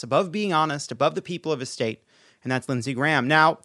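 A man hosting a comedic political show, energetic and sarcastic. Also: fairly high pitch, no echo, studio quality. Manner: sarcastic, energetic, quick jokes. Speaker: podcast host.

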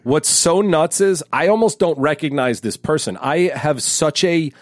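A man's voice: a little high, measured pace, dry recording. Chatty man in his fifties. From New York. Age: 50s. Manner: chatty, joking, storytelling. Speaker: podcast co-host. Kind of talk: casual chat.

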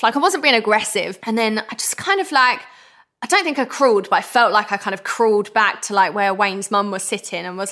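A woman in her thirties from England, candidly telling a personal story as a podcast guest, animated and acting out what people said. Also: a little high, fairly quick. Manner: animated, laughs often, acts out quoted speech.

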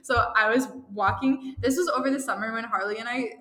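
A woman's voice: on the high side, fairly quick, bright, forceful tone. A young woman co-hosting a casual chat, reading fan fiction aloud and rambling with lots of fillers and giggles. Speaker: podcast co-host. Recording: echoey, reverberant room.

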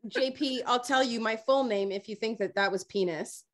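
A woman's voice: fairly high pitch, moderate pace. A woman on a comedy panel giving wry, teasing answers.

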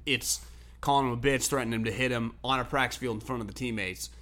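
A man hosting a sports talk show, telling stories in a loose, profane, animated way and laughing often. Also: mid-range voice, quick pace.

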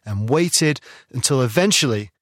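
A man's voice: medium pitch, lively intonation, normal speed. A man hosting and narrating, retelling the events with enthusiasm and plenty of expression. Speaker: host, narrator. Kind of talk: documentary narration with commentary.

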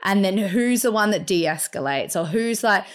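A woman's voice: mid-range voice, expressive, moderate pace. Chatty woman podcast co-host. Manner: chatty, storytelling, frequent "like". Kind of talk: casual conversational interview.

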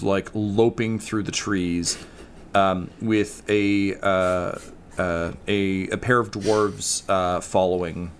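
Low-voiced man rambling as game master. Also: a little hiss or hum. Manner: rambling, lots of fillers. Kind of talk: narrating a tabletop game.

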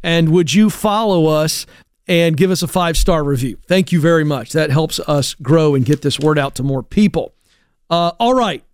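Male talk-show host, higher voice, emphatic and coach-like, dry close studio sound. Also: moderate pace, smooth, dry recording. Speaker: career advice show host. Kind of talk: energetic talk-show monologue.

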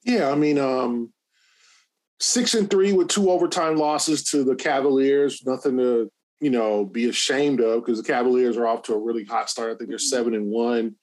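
A man co-hosting a sports podcast, talking in a measured, analytical way and stretching some words. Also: medium pitch, darkish tone. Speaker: podcast co-host.

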